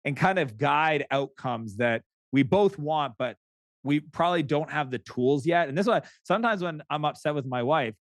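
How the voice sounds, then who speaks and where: Animated middle-aged man from Canada, dry sound. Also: a little high, moderate pace, no room sound. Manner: animated storyteller who acts out quoted dialogue, frequent restarts. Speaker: podcast guest, entrepreneur. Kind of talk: casual interview chat.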